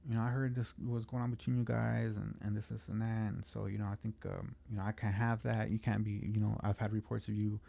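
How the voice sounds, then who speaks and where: A man's voice: lowish voice, little pitch movement, fast, gravelly, few pauses, mellow. A man, a comedian, telling a rambling, profane story in casual podcast chat and acting out what people said.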